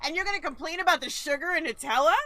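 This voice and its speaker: A woman's voice: high voice, rapid-fire, pushed and bright. A woman co-hosting a podcast, chatting casually in a teasing, blunt way. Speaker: podcast co-host.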